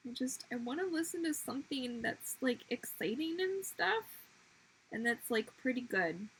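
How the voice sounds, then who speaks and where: Chatty woman artist on a livestream; fairly high voice, talks to viewers constantly. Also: expressive, normal speed, slight background noise, poor audio. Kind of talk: casual livestream chat while drawing.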